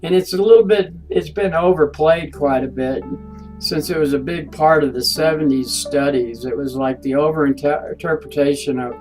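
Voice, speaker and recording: A man delivers a recorded course lecture in a somewhat high voice. He talks haltingly, often restarting words and filling pauses. Soft guitar music plays faintly behind him. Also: poor audio. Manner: halting, frequent restarts and fillers. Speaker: instructor.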